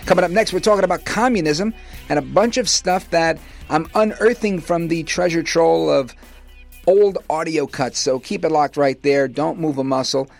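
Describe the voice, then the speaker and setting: A man hosting a talk radio show as a fill-in, energetic and promotional in a conversational way. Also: fairly high pitch, moderate pace, gravelly, faint music behind.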